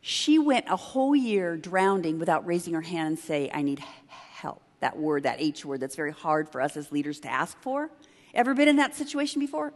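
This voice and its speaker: At a conference, a woman working as a leadership consultant tells a story with emphasis and a chatty feel, tossing quick asides to the audience. Her pitch is fairly high, and the long reverb of a large hall surrounds her voice.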